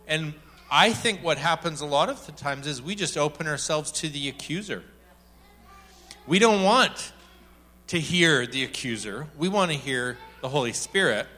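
A man preaching a sermon in a lively, joking way, telling stories and acting out quotes as he talks to a congregation. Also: fairly high pitch. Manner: animated and joking, acts out quotes. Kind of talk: sermon with storytelling.

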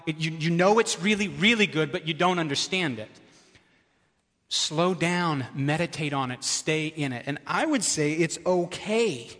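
A man's voice: fairly high pitch, a little slow, fairly bright tone, big-room sound. A male pastor preaching a sermon in a conversational way, repeating key phrases for emphasis and asking the audience questions.

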